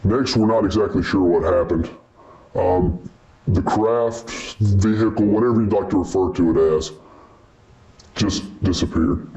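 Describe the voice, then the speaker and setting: A man's voice: deep voice, measured pace, dark tone, lo-fi sound. A man playing a secretive former military officer who uses clipped jargon and hesitates with fillers.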